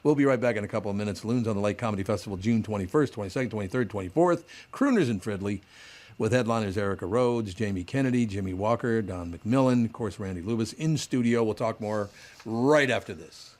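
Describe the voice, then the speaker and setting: A man's voice: fairly low pitch, quick pace, a little mellow. A man hosting a podcast in casual studio chat, blunt and joking, swearing offhandedly. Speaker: podcast host.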